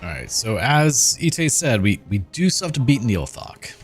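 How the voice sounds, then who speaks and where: A man's voice: mid-range voice, sing-song, moderate pace. A man streaming a game live, chatting casually and reacting aloud as he plays. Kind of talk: casual live gameplay commentary. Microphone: desk microphone. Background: game music.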